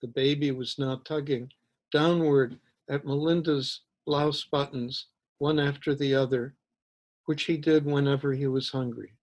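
A male author reading his own short story aloud in a measured, even way. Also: mid-range voice.

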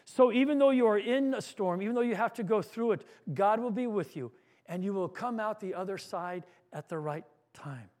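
A man's voice: sits high, moderate pace, darkish tone. A male pastor preaching an earnest sermon, repeating words as he goes and acting out a story.

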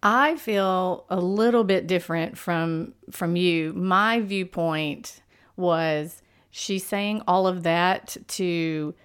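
A woman's voice: lowish voice, slow pace, smooth. A woman co-hosting a podcast in casual chat, giving her opinions and reasoning aloud. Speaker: podcast co-host.

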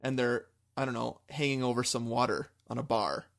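A man with a mid-range, gravelly voice co-hosts a casual podcast. He slips in dry, deadpan jokes during the chat, keeping his tone offhand. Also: medium pitch, normal speed. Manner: dry, joking asides. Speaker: podcast co-host.

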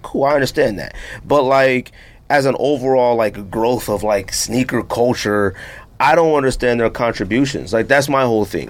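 A man co-hosting a casual podcast, ranting in an animated way with lots of filler words. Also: medium pitch, moderate pace. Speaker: podcast co-host.

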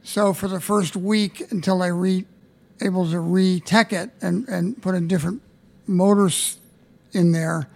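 High-voiced, gravelly stage manager. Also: male voice, fairly even intonation, a little slow, darkish tone. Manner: dry, understated, low-key. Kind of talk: casual interview storytelling.

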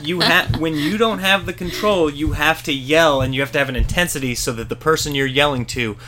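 A man co-hosting a casual chat, teasing and animated, with sudden high exclamations. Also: brisk, slight background noise. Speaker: podcast co-host.

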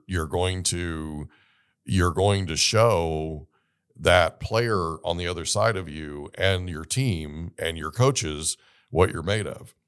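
A middle-aged man hosting an interview, telling a lively story and acting out the dialogue. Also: sits low, clean tone. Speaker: podcast host.

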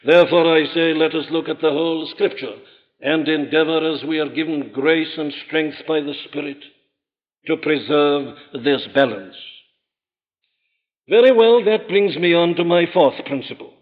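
A man's voice: a little high, normal speed. Man preaching in an echoing hall. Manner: emphatic, rhetorical, builds to raised emphatic peaks. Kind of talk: sermon. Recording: dull old recording in a large reverberant hall.

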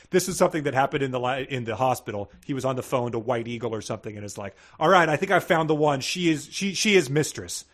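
Husky man riffing sarcastically on a podcast. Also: mid-range voice. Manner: sarcastic, reads quotes in mocking voices. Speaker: podcast co-host. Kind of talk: comedic book-reading chat.

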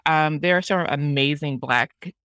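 A woman's voice: low-pitched, unhurried, a bit bright, clear, resonant tone, dry recording, clean studio sound. A woman taking part in a podcast discussion, speaking with enthusiasm. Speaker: podcast guest. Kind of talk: casual discussion.

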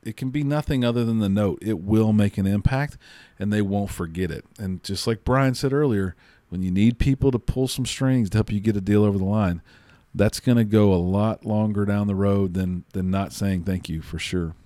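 Low-voiced man, dry close podcast mic. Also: moderate pace, warm tone, no echo. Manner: punchy, motivational, repeats catchphrases. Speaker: podcast co-host. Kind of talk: casual podcast chat.

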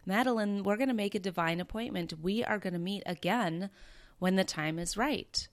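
Calm older woman teacher, voiced by a podcast host, gentle, serene, smooth. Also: medium pitch, moderate pace, lightly acted.

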